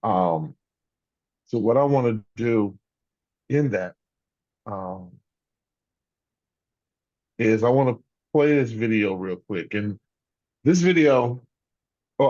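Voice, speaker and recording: A man's voice: on the low side, lively intonation, slow, long pauses, a little mellow, no room sound. A man leading an online workshop, hesitant and full of fillers, speaking over a video call. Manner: hesitant, many fillers and hedges. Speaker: workshop facilitator. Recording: dull, dry lo-fi call audio.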